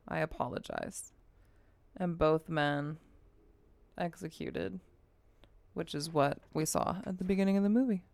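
A woman's voice: fairly low pitch, measured pace, creaky, pauses often, darkish tone, dry recording. A young woman co-hosting a casual true-crime podcast, recapping the story bluntly and swearing freely. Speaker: podcast co-host.

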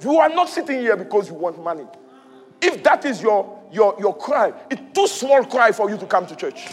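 High-voiced preacher man in a reverberant hall. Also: very animated, moderate pace. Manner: repetitive rhetorical questions, rising to shouts. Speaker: pastor. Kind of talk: sermon. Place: church hall. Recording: reverberant hall with faint music.

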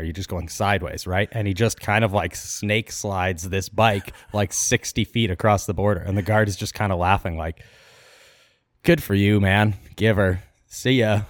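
A man's voice: sits low, no room sound, clean studio sound. A man co-hosting a podcast, casually retelling a travel story and quoting the people in it. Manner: animated retelling, quoting characters in passing. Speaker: podcast co-host.

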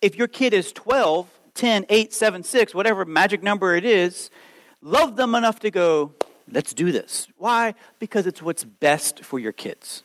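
A man in his late thirties preaching a sermon, lively and conversational, acting out quoted voices as he goes. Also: high voice, moderate pace, low-quality recording. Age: 30s. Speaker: pastor.

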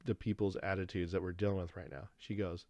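A man hosting a podcast alone, telling a rambling story in a casual, animated way and acting out the dialogue. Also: low voice, quick pace, no room sound. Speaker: podcast host.

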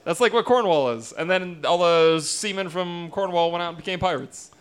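High-voiced joking male co-host. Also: smooth. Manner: quick, joking interjections. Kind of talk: casual comedy interview.

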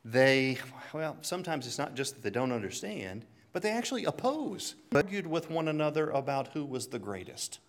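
Chuckling preacher, conversational. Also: male voice, fairly high pitch, very animated, normal speed. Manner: conversational, chuckles often, tells anecdotes. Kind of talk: sermon.

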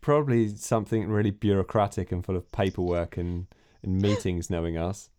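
Low smooth guy teasing his cohost on a gaming podcast, casual. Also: fairly quick, mellow. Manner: upbeat, teasing banter. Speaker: podcast co-host and player. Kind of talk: casual chat about a tabletop game.

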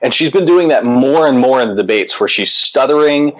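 A man's voice: medium pitch, animated, fairly quick, highs cut off. A man co-hosting a podcast, explaining his point earnestly with filler words. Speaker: podcast co-host. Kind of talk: casual chat.

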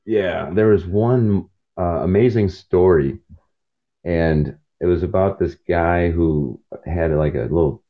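A man hosting a podcast from his truck cab while driving, telling rambling stories and acting out the voices of people in them. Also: low-pitched. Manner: jumps between topics and acts out quoted voices. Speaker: podcast host. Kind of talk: rambling casual storytelling. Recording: dull lo-fi sound.

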